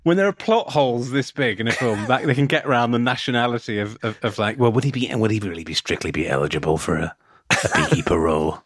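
A man's voice: mid-range voice, lively intonation, fast talker, hardly any pauses, no room sound, studio quality. A man co-hosting a podcast, reviewing a film in casual chat, often repeating words, swearing and laughing. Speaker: podcast co-host.

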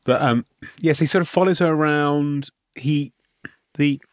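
A man's voice: on the high side, unhurried, dry recording, studio quality. A man chatting casually about a film, rambling with restarts and laughs. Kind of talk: casual film review chat.

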